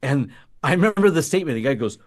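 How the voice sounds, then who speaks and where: Guy telling a wild story on a podcast, pitch jumps all over, keeps laughing. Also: fast talker. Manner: animated, laughs while telling stories. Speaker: podcast co-host. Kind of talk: casual storytelling.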